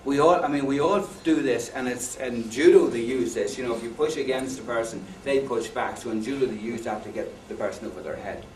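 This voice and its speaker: Brisk and with few pauses, this medium-pitched man delivers a conference lecture on education. He tells jokes and stories and quizzes the audience. The sound is echoey, distant from the mic, with faint background noise.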